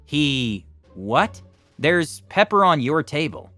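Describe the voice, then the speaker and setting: A man's voice: on the high side, big pitch swings, slow pace, pushed and bright, no echo, soft background music, full character voice. Sweet but tough diner owner, sixties, voiced by a male narrator; firm, no-nonsense. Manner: firm, alarmed.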